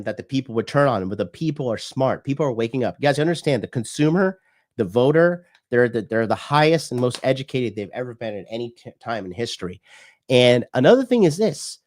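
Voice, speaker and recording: A man's voice: mid-range voice, expressive, brisk, a little mellow. Blunt, profane American man ranting. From United States. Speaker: dating coach and livestream host. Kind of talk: livestream rant.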